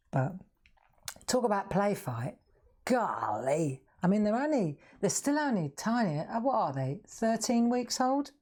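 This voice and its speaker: Low-voiced chatty craft host. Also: female voice, mellow. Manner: chatty, laughs often, talks straight to viewers. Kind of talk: live craft demonstration.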